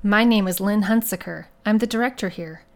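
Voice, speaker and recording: A woman's voice: medium pitch, fairly quick, lightly acted. A woman doing a polished, pleasant director. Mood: polite. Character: poised fortyish female nursing home director. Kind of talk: audiobook character voice.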